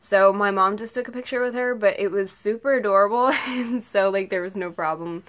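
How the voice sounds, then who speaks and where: A teenage girl tells a casual story in a vlog, gushing and rambling as she goes. She leans on "like" and "oh my god" constantly. Her voice sits at an ordinary middle pitch. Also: brisk. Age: late teens. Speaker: vlogger.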